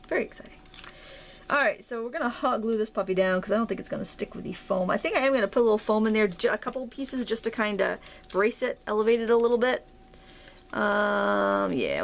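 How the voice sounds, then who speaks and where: A woman's voice: medium pitch, vocal fry, a little hiss or hum. A woman with a Maine accent hosting a casual crafting tutorial, chatty and self-deprecating as she thinks aloud while working. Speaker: craft video host.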